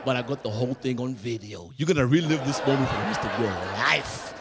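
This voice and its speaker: A man voicing a laid-back young male skater friend who talks low and calm. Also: fairly quick, very noisy, close to an everyday voice.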